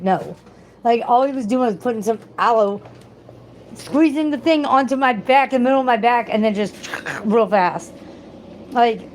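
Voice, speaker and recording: Chatty woman venting at home, noisy background. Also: mid-range voice. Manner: chatty, swearing, venting, doing chores while talking. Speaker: vlogger. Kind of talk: casual rambling monologue. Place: at home, sweeping.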